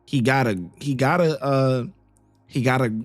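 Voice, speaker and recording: A man's voice: medium pitch, measured pace, dry recording. A man hosting a reaction channel, giving blunt, loose commentary that trips over its words. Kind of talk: casual video commentary.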